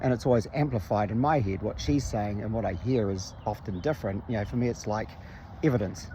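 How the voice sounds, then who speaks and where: A man's voice: lowish voice, lively intonation, brisk, warm tone, a little hiss or hum. A man candidly telling a personal story in a conversational, self-reflective way, recorded outdoors. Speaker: vlogger.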